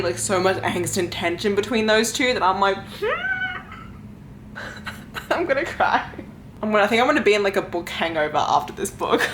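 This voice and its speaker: A woman's voice: medium pitch, a bit bright, slight background noise. A young woman chatting casually to camera at home in a reading vlog, gushing with lots of fillers. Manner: gushing, effusive, many fillers. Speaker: book vlogger.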